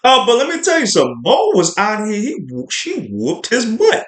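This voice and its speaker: Man, livestream podcast host, animated swoops, chatty and rambling. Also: high-pitched, normal speed. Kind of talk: casual spoiler review livestream.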